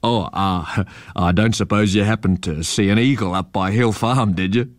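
A man's voice: fairly low pitch, moderate pace, dry recording, clean studio sound, natural voice. A man voicing a jovial country policeman uncle in a storybook reading. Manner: chuckling, easygoing.

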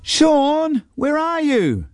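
A man putting on a pert, needling little girl, her voice lifted high above his own. Close, dry storybook reading. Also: wildly swooping pitch, very slow, dry recording, exaggerated voice. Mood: calling. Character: young girl, bossy little sister.

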